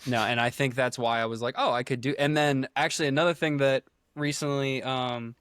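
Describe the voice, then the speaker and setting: A man's voice: mid-range voice, fairly even intonation, a little fast, fairly bright tone, clean tone, dry recording, studio quality. A man hosting a podcast and chatting casually, rambling with hesitations. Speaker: podcast host.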